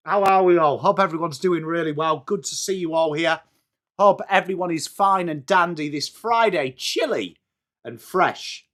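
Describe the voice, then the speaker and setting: An English man hosting a live football watchalong stream, chatty and upbeat, greeting viewers by name, his voice starting to go a little hoarse. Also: fairly high pitch, moderate pace, fairly bright tone. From England. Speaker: livestream watchalong host. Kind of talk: live chat reacting to football.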